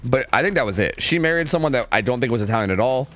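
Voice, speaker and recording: A man's voice: medium pitch, lively intonation, rapid-fire, a bit bright. A young man from New York streaming a game, talking in a laid-back way with lots of filler words. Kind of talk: casual gameplay commentary.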